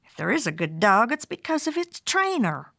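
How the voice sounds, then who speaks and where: A woman acts out a fussy mother cat who makes a big show of every warning. She speaks emphatically, in a high voice that rises and falls a lot. The sound is dry and close. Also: very animated, normal speed, creaky, fairly bright tone, no room sound, heavily acted. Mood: dramatic. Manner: emphatic and theatrical.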